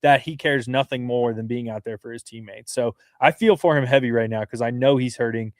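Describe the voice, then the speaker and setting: A man in the middle of his range talks sports in a casual podcast chat, earnest and quick, with little room sound around him. He restarts phrases often as he builds his points. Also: mid-range voice, darkish tone, no echo, studio quality. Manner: earnest, fast-flowing analysis with many restarts.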